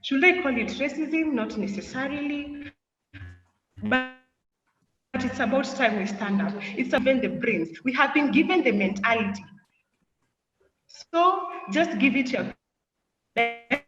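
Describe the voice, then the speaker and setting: A Kenyan teenage girl gives an earnest, impassioned student speech, firing rhetorical questions at her listeners one after another. Her high, expressive voice is unhurried with frequent pauses, over background music, recorded distant and muffled in an echoey hall with faint noise.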